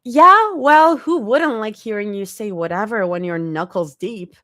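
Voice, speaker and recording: A woman voicing a flustered young woman who blurts out high, loud, stammering outbursts. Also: a little slow, dry recording, clean studio sound. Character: flustered squeaky young woman, whiny and easily embarrassed.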